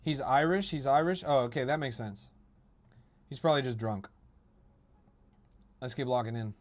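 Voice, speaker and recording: A young man hosts a crypto livestream in a mid-range voice at normal speed. He reads his chat aloud and mocks it, ranting profanely.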